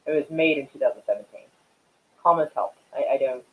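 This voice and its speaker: A man's voice: medium pitch, fairly quick, phone-quality sound. A man hosting a casual live stream and chatting with viewers, rambling and swearing while he smokes. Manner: rambling and profane, many fillers; smoking while talking.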